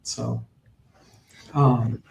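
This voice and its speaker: A middle-aged man tells stories in a loose, rambling way, full of fillers and restarts. His voice is dark and mellow. It sounds like he is in a roomy space with noticeable echo. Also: medium pitch, steady tone, very slow, vocal fry. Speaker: horse owner guest. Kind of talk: casual storytelling interview.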